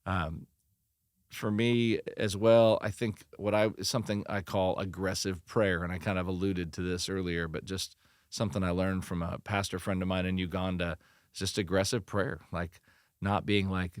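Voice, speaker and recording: A middle-aged man, a pastor, giving earnest, animated encouragement in a podcast interview, often restarting his sentences. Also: low voice, moderate pace, clean tone, no echo, clean studio sound. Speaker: pastor and church leadership consultant.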